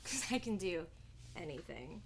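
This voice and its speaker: A woman's voice: fairly low pitch, very animated, normal speed. A young actress performing a stage comedy monologue as a nervous, eager woman at an audition, rambling and giggly with lots of fillers. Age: young adult. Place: acting studio stage before an audience. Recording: noticeable background noise.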